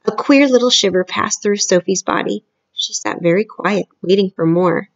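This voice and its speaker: A woman reading a children's book aloud in a gentle, clear storytelling manner. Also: medium pitch, normal speed, highs cut off.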